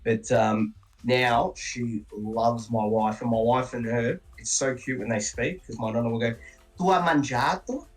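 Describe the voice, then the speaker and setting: A man from Australia chatting casually as a guest on a game stream, telling animated stories and mimicking his relatives. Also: mid-range voice, unhurried, recorded from a distance, poor audio. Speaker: guest player.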